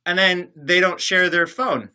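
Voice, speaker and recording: A man's voice: high voice, a little slow, bright, forceful tone, smooth. A man casually chatting on a livestream, reading viewer comments and answering them in a sarcastic, joking, rambling way. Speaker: livestream host reading chat. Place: separate building, alone.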